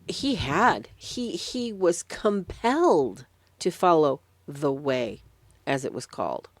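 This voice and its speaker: Woman, lay religious speaker, animated storyteller, lively pitch, dry close sound. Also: no echo. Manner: animated storytelling with sudden emphasis. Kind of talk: Sunday meditation talk.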